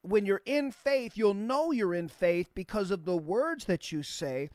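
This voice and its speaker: A pastor preaching a sermon, emphatic, repeating key phrases and spelling words out letter by letter, with slow stressed lines between quick runs. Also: mid-range voice, a little mellow, no room sound, studio quality.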